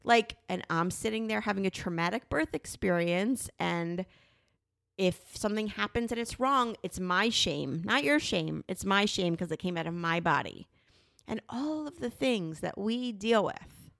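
A middle-aged woman talking candidly and emphatically with her husband, her voice jumping high when she insists. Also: lively intonation, unhurried, gravelly, a bit bright, no room sound, studio quality. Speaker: podcast co-host, wife. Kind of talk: candid couple conversation.

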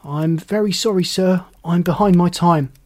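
A man's voice: high-pitched, normal speed, a little mellow, natural voice. A man playing a meek, apologetic clerk. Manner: apologetic, anxious.

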